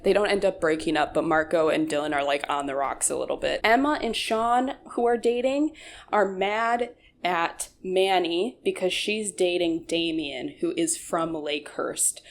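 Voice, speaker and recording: A young woman with a slightly low voice talks through a TV recap in a loose, chatty way. She slips sarcastic asides and jokes in between the plot points. A faint hiss sits under her voice. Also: moderate pace. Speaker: YouTube commentator. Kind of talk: casual recap commentary.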